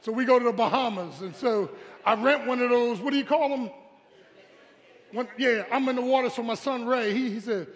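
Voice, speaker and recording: A man preaching a humorous, animated storytelling sermon at a live service, calling out to the congregation. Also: very high-pitched, fairly quick, big-room sound. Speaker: pastor. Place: church sanctuary, live service.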